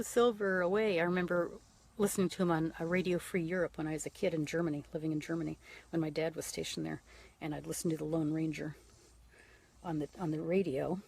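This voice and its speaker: A woman's voice: sits low, gravelly, darkish tone, husky. A woman in her fifties hosting a casual livestream, talking frankly and profanely straight to her viewers. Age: 50s. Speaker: livestream host.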